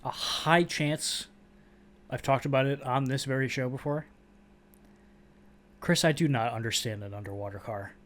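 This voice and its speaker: A man's voice: medium pitch, normal speed, long pauses, a bit bright. A young man co-hosting a casual movie podcast, enthusiastic and opinionated. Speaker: podcast co-host.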